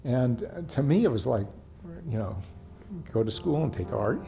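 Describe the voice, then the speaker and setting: An older man with a gravelly, creaky voice tells long rambling stories about his life for a documentary interview. He fills his talk with "you know" asides and grows emotional, and faint music plays behind him. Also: mid-range voice, expressive, normal speed, warm tone. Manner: gets emotional. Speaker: painter.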